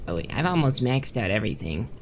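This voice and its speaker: Very deep-voiced, gravelly woman streamer. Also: big pitch swings, fast, background noise. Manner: chatty, thinks aloud, reads and answers chat. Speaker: game streamer. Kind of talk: casual gameplay commentary.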